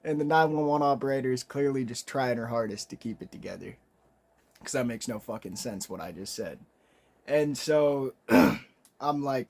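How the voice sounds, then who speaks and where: A young man tells a comedic storytime in a loose, rambling way, dropping swear words constantly. He clears his throat and coughs often between sentences. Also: mid-range voice, expressive, moderate pace, darkish tone.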